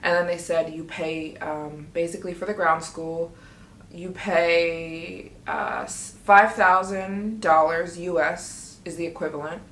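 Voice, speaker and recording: Woman vlogger, lowish voice, excitable casual storyteller, echoey room. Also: a little slow, slight background noise. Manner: chatty, excitable, quotes herself often. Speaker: travel vlogger.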